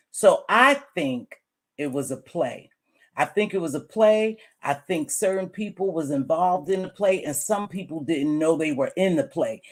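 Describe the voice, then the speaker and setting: A woman with a fairly low voice talks through online drama in a loose, chatty monologue, musing aloud and circling back to repeat her points. She chews gum while she speaks, which lends her informal delivery a relaxed, unhurried feel. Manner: chewing gum while talking. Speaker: YouTube commentator. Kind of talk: casual commentary monologue.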